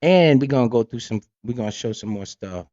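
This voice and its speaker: A man's voice: medium pitch, animated, a little fast, a little mellow, dry recording, lo-fi sound. A man hosting a casual livestream, talking bluntly with lots of swearing and keeps asking "right?". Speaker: livestream host and crypto investor.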